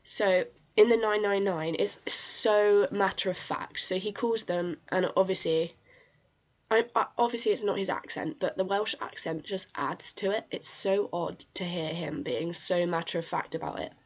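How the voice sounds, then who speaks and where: A woman's voice: mid-range voice, normal speed. A woman co-hosting a podcast, telling a crime case in a casual, chatty way with many fillers and restarts. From England. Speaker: podcast co-host. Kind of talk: casual true-crime chat. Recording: dull lo-fi sound.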